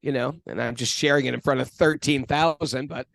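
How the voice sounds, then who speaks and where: A man co-hosts a casual spiritual talk and tells rambling, self-deprecating stories. His voice has a gravelly fry at a medium pitch. The sound is close and dry. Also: fairly even intonation, a little fast, fairly bright tone, dry recording. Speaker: podcast co-host.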